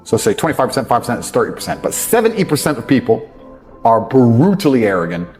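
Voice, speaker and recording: A man's voice: medium pitch, big pitch swings, fast, darkish tone. A man, ranting bluntly and profanely in a motivational talk, scornful of others. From England. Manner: profane, scornful, mocks others in put-on voices. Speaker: motivational speaker. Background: faint background music.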